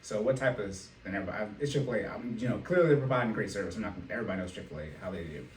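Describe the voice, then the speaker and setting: A man hosting a casual podcast and working as a financial coach, telling animated stories and laughing often. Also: on the low side, racing. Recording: echoey room, mic at a distance, faint noise.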